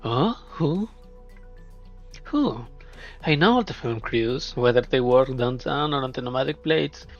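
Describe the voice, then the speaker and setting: A man voicing a shrewd, flamboyant female film producer who talks in a smooth, probing, flattering way. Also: medium pitch, a little slow, long pauses. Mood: coaxing. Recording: dull lo-fi, faint music.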